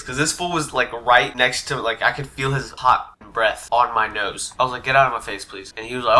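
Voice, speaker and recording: A man's voice: medium pitch, fairly even intonation, fast, few pauses, bright, forceful tone, a little hiss or hum. A young man telling a personal story to his channel in a laid-back way, swearing and full of fillers. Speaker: vlogger. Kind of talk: casual storytime. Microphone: desk USB mic.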